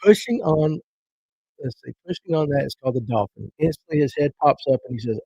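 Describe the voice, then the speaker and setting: A man hosts a casual fishing livestream, reading comments aloud and joking his way through them in folksy banter. His voice sits a little high but sounds mellow and slightly husky. The stream audio is dry and dull, lo-fi. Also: expressive, a little fast, dry recording. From Georgia.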